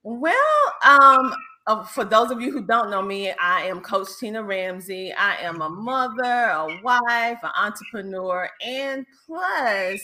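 A woman from South Carolina with a Southern accent, a business coach chatting as a guest on a show and laughing often. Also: medium pitch. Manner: animated, laughs often, drawn-out Southern speech. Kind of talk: casual interview chat.

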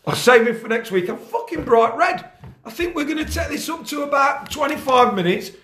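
A man's voice: very high-pitched, animated, a little fast, roomy sound. A man hosting a casual football talk in his kitchen, ranting angrily and swearing constantly. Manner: angry, sweary, rants loudly. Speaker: podcast host, grassroots football coach.

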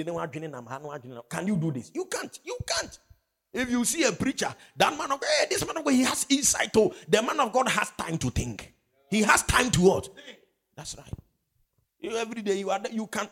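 A man's voice: high voice, a bit bright, breathy edge. A man preaching a sermon, emphatic, with call-and-response questions. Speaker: pastor.

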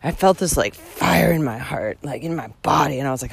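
A woman's voice: deep voice, moderate pace, creaky, few pauses, husky, dry recording. A young woman ranting with profanity as she walks outdoors on a hiking trail, recording her own vlog. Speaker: podcast host hiking the Camino. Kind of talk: ranting walk-and-talk vlog.

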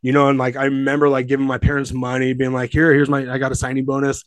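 Talking fast in a mid-range monotone, this man, a gym owner in his forties from Southern California, rambles through his story on a podcast with plenty of swearing and emphasis. The recording is dry, and the feel is casual storytelling.

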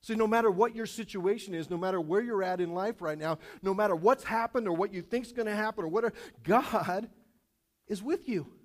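Man, pastor, sermon, high voice, animated, repeats himself, wry asides, church. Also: brisk. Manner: animated, repetitive, with self-aware jokes.

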